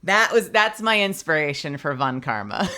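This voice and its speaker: A woman's voice: deep voice, lively intonation, moderate pace, bright, forceful tone, soft background music. Tired, giggly woman streamer chatting. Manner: rambling and giggly, with lots of restarts. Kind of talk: casual chat with viewers.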